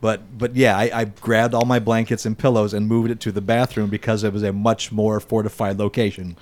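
A man's voice: on the low side, level tone, brisk, darkish tone. A man hosting a casual podcast, reading news items aloud and then chatting and joking with his co-hosts.

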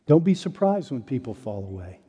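A man preaching a sermon, telling a story with earnestness, rising high and loud on quoted denials and dropping low and soft on solemn points. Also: big pitch swings, a little fast, breathy edge, in a large hall, dull audio. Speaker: pastor.

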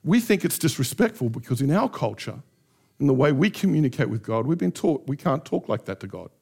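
A man's voice: medium pitch, sing-song, brisk, gravelly, a little mellow, breathy edge. Impassioned middle-aged man preaching a sermon. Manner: impassioned, acts out prayers in shifting voices. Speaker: pastor.

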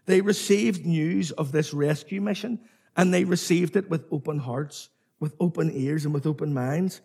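A man preaching a sermon in a slightly high, husky voice. He is emphatic and repetitive, and calls on his listeners to answer back. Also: normal speed, mellow.

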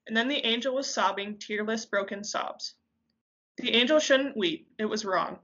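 A woman reading a dramatic story aloud with intensity, pausing now and then to correct herself. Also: fairly high pitch, a bit bright, breathy edge, muffled recording. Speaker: reader. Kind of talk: amateur audiobook reading.

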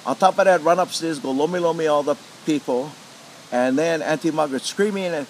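A man's voice: fairly high pitch, brisk, a little hiss or hum, poor audio. A middle-aged man with a Hawaiian Pidgin accent, a lomi lomi practitioner telling stories in an interview and acting out quoted voices. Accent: Hawaiian Pidgin English. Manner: animated, acts out quoted voices. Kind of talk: storytelling interview.

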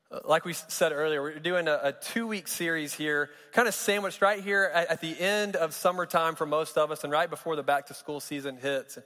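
A man's voice: fairly high pitch, fairly even intonation, a little fast, few pauses, sharp tone. A man giving a sermon as pastor, conversational and joking, with frequent restarts. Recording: long reverb of a large hall.

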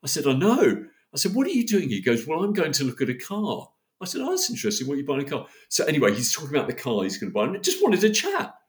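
Animated man telling a story. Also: on the high side, quick pace, few pauses. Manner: animated, acts out quoted dialogue. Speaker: podcast guest. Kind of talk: storytelling in casual chat.

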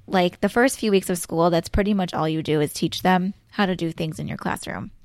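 A woman's voice: lowish voice, a little fast, darkish tone, dry recording, clean studio sound. A woman, an elementary school teacher, explaining classroom routines step by step in casual chat, full of "so, like" fillers.

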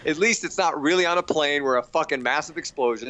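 A man's voice: on the high side, fast, few pauses, heavy background noise. A middle-aged man, an actor and producer, tells behind-the-scenes stories in a casual interview, laughing and swearing often. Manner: laughing, profane anecdotes.

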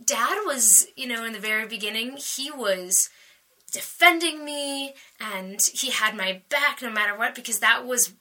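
Woman, slightly high, very bright voice; lively, emotional testimony with frequent laughter. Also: unhurried, poor audio. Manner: animated, laughs often, emotional storytelling. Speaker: guest sharing her faith story. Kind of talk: personal faith testimony in conversation.

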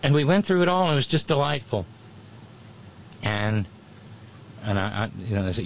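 A man's voice: mid-range voice, big pitch swings, moderate pace, vocal fry, long pauses. A middle-aged man, casually chatting and reading viewer comments, rambling with many restarts and wry asides. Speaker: livestream host.

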